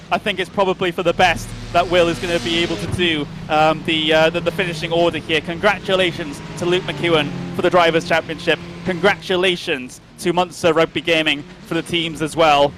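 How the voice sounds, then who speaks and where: A man giving rapid, excited play-by-play commentary on a live esports race. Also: fairly high pitch. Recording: race car noise behind the voice.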